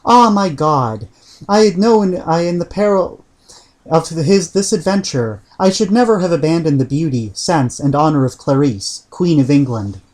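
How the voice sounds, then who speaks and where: Knight figure: man reading as a sorrowful medieval knight praying aloud, solemn archaic speech, a touch high-pitched. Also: expressive, moderate pace, a little mellow, natural voice. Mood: grieving prayer. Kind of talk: audiobook reading.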